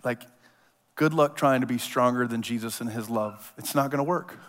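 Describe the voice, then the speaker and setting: A man preaching a sermon in a casual, animated storytelling manner, acting out voices as he tells the story. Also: mid-range voice, normal speed. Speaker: pastor. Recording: long hall reverb.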